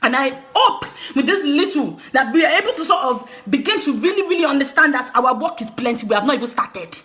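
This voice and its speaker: Nigerian woman vlogger, bright, animated voice, emphatic scolding rant with laughter. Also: sits high, brisk. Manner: emphatic and scolding, laughing through her words. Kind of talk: passionate direct-to-camera rant.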